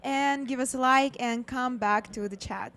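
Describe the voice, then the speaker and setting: A woman co-hosting a live trading show, talking briskly to viewers. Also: sits high, a bit bright, no room sound. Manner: brisk, asks viewers for likes. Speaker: stock trading show co-host.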